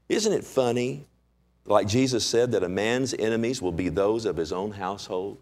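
A man preaching a sermon as pastor, animated and conversational, with many rhetorical questions. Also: on the low side, moderate pace.

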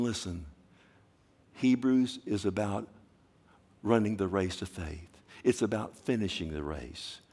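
Impassioned male preacher. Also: on the low side. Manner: impassioned, swings from hushed to loud; asks the congregation questions. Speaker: pastor. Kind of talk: sermon.

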